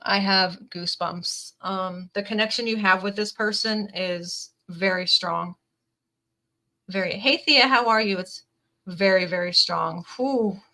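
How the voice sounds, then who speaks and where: A woman's voice: lowish voice, steady tone, slow, sharp tone, low-quality recording. A woman giving an earnest, emotional tarot reading to camera, reading card messages aloud and filling her talk with "definitely" and "like". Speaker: tarot reader.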